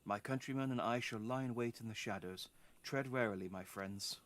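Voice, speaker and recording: A man reading the lines of a calm, secretive female ninja ally from a game in a quiet, measured voice. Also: lowish voice, natural voice. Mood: hushed.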